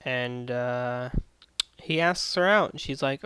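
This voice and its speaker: A man's voice: mid-range voice, a little slow, a bit bright, clean tone, no echo, low-quality recording. A man giving a casual spoken anime review in a rambling, sardonic, profane way.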